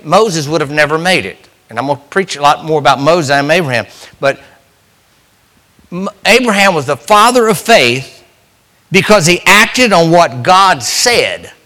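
A middle-aged pastor delivers a sermon in a folksy, emphatic style. His voice sits a little high and rings bright and forceful. He swings from loud bursts to low, quiet asides. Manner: folksy, emphatic preaching with sudden rises and drops.

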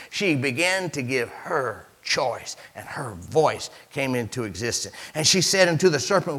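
A man preaching a sermon as pastor, animated, with sudden swings between loud emphasis and hushed asides. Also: a little high, unhurried, few pauses.

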